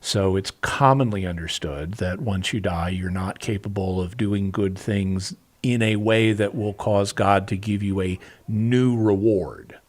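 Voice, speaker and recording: A man answering callers' questions on a call-in radio show, explaining things in a measured way with occasional restarts. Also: on the low side.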